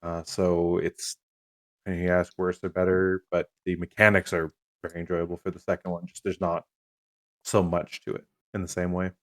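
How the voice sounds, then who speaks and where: A laid-back man from Canada chats on a podcast, easygoing and quick to laugh. His voice sits fairly low, recorded dry and close with no room sound. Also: no echo. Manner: relaxed, laughs along, trailing fillers. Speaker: podcast co-host. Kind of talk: casual chat.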